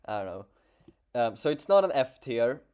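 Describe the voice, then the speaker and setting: A man with a Swedish accent chatting casually on a livestream as a streamer, halting and stammering with many restarts. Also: mid-range voice, very animated, a little mellow, smooth.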